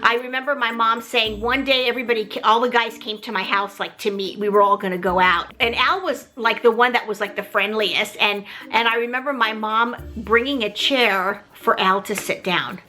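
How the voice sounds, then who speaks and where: A middle-aged woman telling a story in a casual, animated way, often talking straight to the viewers. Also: on the high side, normal speed, hardly any pauses, faint music behind. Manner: animated, chatty, keeps addressing viewers. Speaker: mother telling her story.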